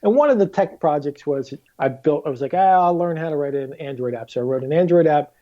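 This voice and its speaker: A man's voice: fairly high pitch, fast talker, muffled recording. A man guest on a casual podcast, telling stories animatedly and acting out quotes. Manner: animated storyteller, acts out quotes with swearing. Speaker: guest author.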